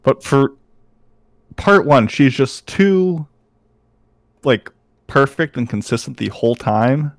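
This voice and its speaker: A man's voice: medium pitch, takes it slowly, long pauses, no echo. Young guy podcast cohost, super dry mic, easygoing rambly chat. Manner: relaxed, loose, filler-heavy talk. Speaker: podcast co-host. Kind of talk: casual anime review chat.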